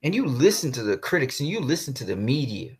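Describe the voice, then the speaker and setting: A man's voice: medium pitch, big pitch swings, quick pace, slightly rough. A man ranting heatedly in a commentary vlog, swearing and then apologizing for cursing. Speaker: commentary vlogger.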